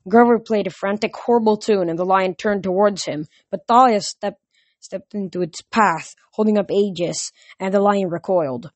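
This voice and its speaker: A woman narrating a novel aloud in a steady storytelling manner. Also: medium pitch, moderate pace. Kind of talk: audiobook narration.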